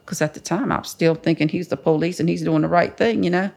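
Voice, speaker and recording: A woman's voice: on the low side, quick pace, creaky. An older woman telling her story bluntly in an interview, swearing freely and acting out what others said. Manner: blunt, profane, quotes others in lively voices. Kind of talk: candid storytelling.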